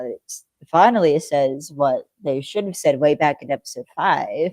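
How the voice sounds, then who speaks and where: Co-host for a fan podcast: mellow low-toned voice, dry close sound, loose rambling recap. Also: measured pace, no echo. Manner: rambling, lots of fillers, acts out characters' lines. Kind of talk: casual chat recapping a TV episode.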